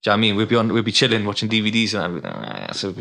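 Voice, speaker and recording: A man from West London with a London accent, chatting on a podcast and telling animated stories with plenty of slang. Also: on the low side, very fast. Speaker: guest rapper. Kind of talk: casual chat.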